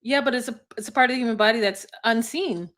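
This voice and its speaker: A woman's voice: a little high, quick pace, fairly bright tone. Wry, sceptical woman podcaster. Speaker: podcast co-host. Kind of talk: casual recap chat.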